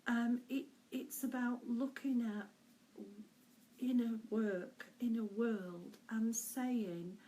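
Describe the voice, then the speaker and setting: A middle-aged woman, a spiritual medium, giving an unhurried, gentle weekly message with soft laughs and hesitant pauses. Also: on the high side, steady tone, slight background noise, low-quality recording.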